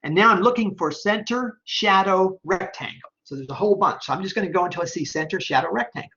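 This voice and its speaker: Bright-voiced man walking through a tutorial. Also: high voice, fast. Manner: step-by-step, checks in with "okay?" and "right?". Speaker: online instructor. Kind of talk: screen-recorded software tutorial. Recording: dull lo-fi screen recording.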